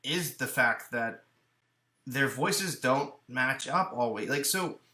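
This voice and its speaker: A man co-hosting a casual movie podcast, talking with animated energy and often restarting his sentences. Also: medium pitch, takes it slowly, echoey room. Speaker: podcast co-host. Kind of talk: casual chat about movies. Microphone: headphones and studio mic.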